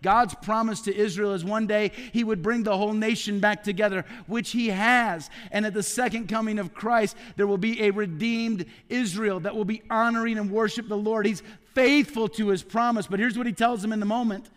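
A man in his forties preaching a heartfelt sermon, often dropping to soft, hushed tones for emphasis. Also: sits high, steady tone, normal speed, few pauses, in a large hall. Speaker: pastor. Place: church sanctuary.

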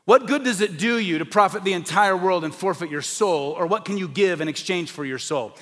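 Preaching evangelistically at a fairly quick pace, a man climbs to forceful high points and then drops his voice low, occasionally voicing the doubters himself. Faint music plays behind him.

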